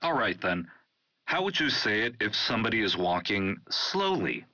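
A man introduces each segment of an educational program in a very bright, sharp voice whose pitch moves a lot. His studio sound is dry and somewhat muffled. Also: very animated, no echo. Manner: announcing segments in an upbeat, measured way. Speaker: program host. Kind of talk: scripted radio hosting.

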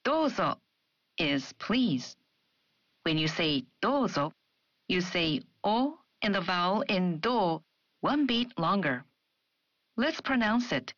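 A woman teaching a language lesson in a clear, measured way, modeling words slowly. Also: lowish voice, lively intonation, fairly bright tone, dry recording. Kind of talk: scripted lesson explanation. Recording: dry, dull studio sound.

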